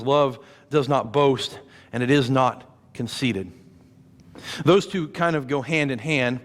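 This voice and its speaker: A man in his thirties preaches from a church pulpit in a fairly high voice, talking to the congregation in a conversational way and stacking up rhetorical questions. The sound rings with the long reverb of a large sanctuary. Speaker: pastor. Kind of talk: sermon.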